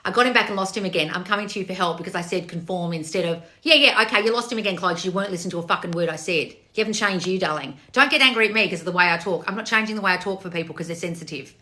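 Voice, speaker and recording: A woman's voice: fairly low pitch, very fast, few pauses, bright, forceful tone. A woman, a manifestation coach scolding her viewers bluntly with plenty of swearing. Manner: profane, blunt, exasperated tough-love scolding. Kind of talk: blunt livestream chat reading comments.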